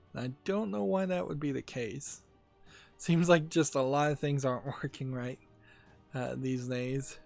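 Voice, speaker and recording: A man hosting a gaming channel, talking casually about game news in a rambling, halting way with many fillers. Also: a little high, creaky, a little mellow.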